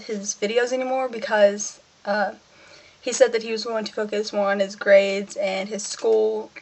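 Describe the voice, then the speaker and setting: A teenage girl talking casually in a personal vlog, rambling and self-mocking, acting out what she and others said. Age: teens. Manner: rambling, self-mocking, acts out her own quotes in a higher voice. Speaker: vlogger.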